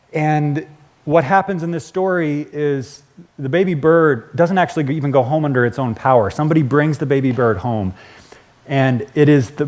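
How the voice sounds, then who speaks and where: A male pastor giving a casual, conversational sermon, chuckling and correcting himself as he goes. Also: mid-range voice.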